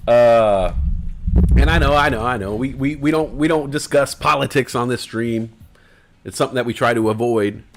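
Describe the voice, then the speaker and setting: A man's voice: mid-range voice, normal speed, slight background noise. A man hosting a casual livestream, talking in loose, profane, rambling banter. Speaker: livestream host.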